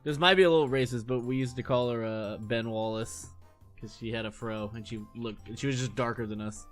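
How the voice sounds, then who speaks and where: A man's voice: mid-range voice, steady tone, brisk, faint music behind. A man in his late thirties, a streamer telling crude, rambling stories from his childhood to his chat and laughing along as he goes. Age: 30s. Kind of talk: casual storytelling chat.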